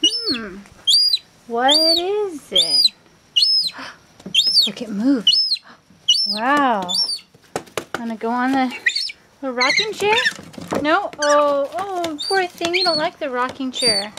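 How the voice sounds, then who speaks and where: A woman's voice: high-pitched, sing-song, drawn-out words, pauses often. Sing-song woman baby-talking a pet. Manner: coaxing, sing-song, cheering on. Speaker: pet owner filming her seagull chick. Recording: loud background noise and bird chirps.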